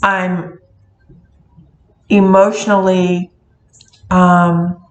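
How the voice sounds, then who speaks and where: A woman's voice: on the low side, little pitch movement, drawn-out words. A middle-aged woman, a witch who runs a metaphysical shop, talking casually in a rambling way with many ums and restarts. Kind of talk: casual talking-to-camera vlog. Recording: echoey room.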